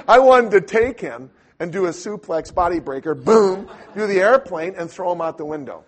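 A man teaching in a sermon style, telling a lively story and acting out voices, with loud bursts. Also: fairly high pitch, moderate pace, few pauses. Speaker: preacher.

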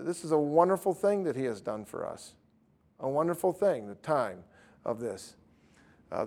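Man teaching bible study, kinda high voice, stops and restarts a lot, reads verses out. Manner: halting, with many restarts and fillers, reads scripture aloud.

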